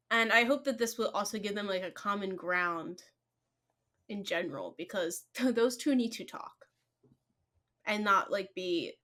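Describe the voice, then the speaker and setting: Book club co-host, woman, bright tense voice, very lively intonation, video call. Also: medium pitch. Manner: expressive, playful quoted asides. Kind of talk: casual chat.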